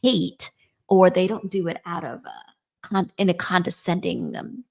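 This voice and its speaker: A woman's voice: on the low side, fairly even intonation, moderate pace, gravelly. A woman in her forties co-hosting a podcast in casual chat, often checking in with "right?". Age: 40s. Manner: chatty, often ends points with "right?". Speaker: podcast co-host.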